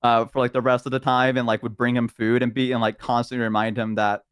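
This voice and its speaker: A young man telling a long tabletop-game story with lots of fillers and restarts, his pitch sitting in an ordinary middle range. He is heard close and dry over a remote call, with no room sound behind him. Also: flat delivery, quick pace, smooth, no echo. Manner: rambling, filler-heavy storytelling. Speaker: stream guest.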